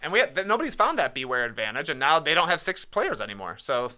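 A man from Illinois with a Midwestern American accent, co-hosting a casual podcast in an easygoing, measured way. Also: on the high side, very animated, pushed and bright. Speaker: podcast co-host.

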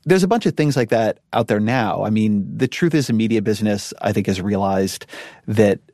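A middle-aged man with a lowish voice talks through ideas in a measured, reflective way and often circles back to restart a thought. His voice sits close and dry, with no room sound behind it. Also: animated, darkish tone, no room sound. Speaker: podcast guest. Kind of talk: conversational interview.

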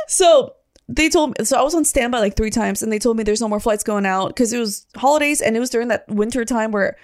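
Brief: high-voiced woman, lively casual storyteller in a podcast chat. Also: a little fast, no echo, clean studio sound. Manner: animated storyteller, acts out quoted voices with big pitch jumps.

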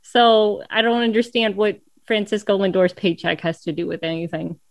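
A woman co-hosting a casual sports podcast, animated and quick to mock fans in put-on voices. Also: mid-range voice, gravelly, dry recording. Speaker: podcast co-host.

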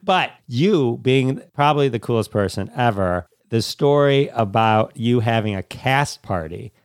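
A man's voice: mid-range voice, animated, clean tone, no room sound, studio quality. A man hosting an interview, enthusiastic and prompting his guest. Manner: enthusiastic, quick to laugh, prompting questions. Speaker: podcast host. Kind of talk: casual interview.

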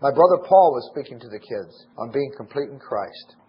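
A man's voice: mid-range voice, normal speed, lo-fi sound, a little hiss or hum. A middle-aged man giving a recorded sermon, telling stories animatedly and acting out the dialogue. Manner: animated storytelling, acts out dialogue. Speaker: conference speaker.

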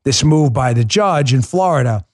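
A man's voice: mid-range voice, animated, moderate pace. A man hosting a political podcast, delivering a combative, mocking monologue.

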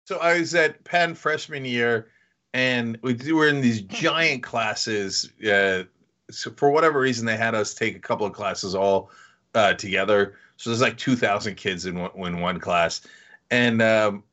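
A podcast co-host with a lowish, unhurried voice tells a comic story in casual chat, animatedly acting out what the other people said. The audio is lo-fi.

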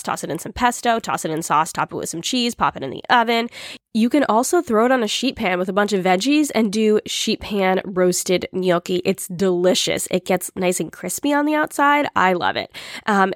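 A woman's voice: medium pitch, no echo, studio quality. A woman hosting a casual solo podcast, chatty and upbeat with small laughs, in her morning voice. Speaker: podcast host.

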